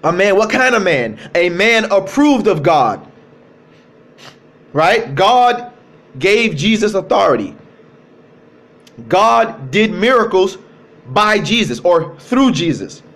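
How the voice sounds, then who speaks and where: A man giving a livestreamed religious talk into his cell phone, emphatic, repeating key phrases and slowing down to stress words. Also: high-pitched, very animated, a bit bright. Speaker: religious speaker.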